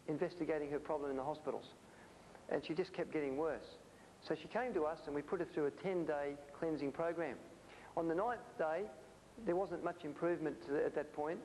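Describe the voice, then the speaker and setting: A man's voice: a little high, a little mellow. A man delivers a health presentation in a slightly raised voice, telling stories from his practice with frequent "uh"s and restarted phrases. The recording is hissy, and the voice trails off in the long reverb of a hall. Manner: anecdotal storytelling with frequent fillers and restarts. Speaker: natural health lecturer.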